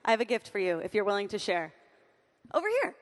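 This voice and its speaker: A woman's voice: mid-range voice, animated, fast talker, big-room sound. A young woman from Southern California speaking on stage, playful and joking with the crowd. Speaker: conference speaker. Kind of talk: lively stage talk. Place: large hall on stage.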